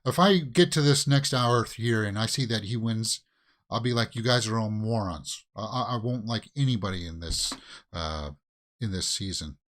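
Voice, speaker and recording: A man's voice: fairly low pitch, animated, moderate pace, fairly bright tone. A man hosting a watch-along reaction video, giving casual commentary that swings into exasperated rants with repeated questions.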